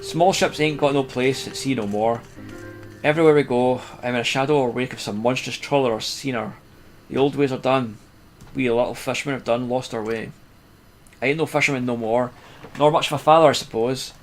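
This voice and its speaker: A man voicing a broken, weary older fisherman in a video game, grumbling in a rough rustic dialect. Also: medium pitch, fairly quick, soft background music, close to an everyday voice. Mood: gloomy.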